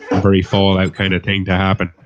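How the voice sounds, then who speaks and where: A man with a lowish voice rattles off blunt opinions at speed, swearing freely in a casual live panel chat. The audio is dull and lo-fi, with faint noise underneath. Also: completely flat delivery, fast talker.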